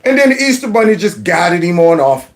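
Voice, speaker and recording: A man giving mocking reaction commentary on video clips. His voice swings up and down with lively pitch, and he laughs and teases often while he talks. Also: brisk. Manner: laughing, teasing, does mock voices.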